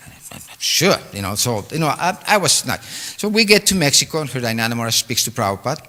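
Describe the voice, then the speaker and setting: An older man tells a long personal story at a temple gathering, pausing and restarting with many fillers. His voice is bright and forceful, at a middle pitch. The sound rings on in a large reverberant hall. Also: very animated. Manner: halting, with frequent fillers and restarts. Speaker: devotee giving a homage talk. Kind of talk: storytelling reminiscence.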